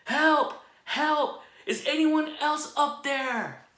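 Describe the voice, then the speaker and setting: A man voicing a panicked man clinging to a cliff branch, yelling and pleading for help in a roomy space. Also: high-pitched, moderate pace, voice pushed up. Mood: frantic pleading. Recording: roomy echo.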